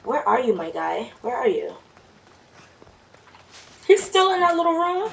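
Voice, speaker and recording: A woman's voice: fairly high pitch, big pitch swings, measured pace, vocal fry, pauses often. A woman with a Jamaican accent giving casual, chatty commentary while playing a game. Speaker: let's play streamer. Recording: distant mic with faint noise.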